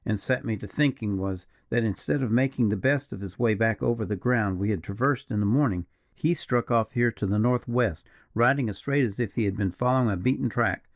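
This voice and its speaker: A man voicing a grave, brooding partisan officer in an audiobook, speaking slowly and in a measured, mournful way. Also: fairly low pitch, no echo, studio quality, lightly acted. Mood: grim. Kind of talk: audiobook character reading.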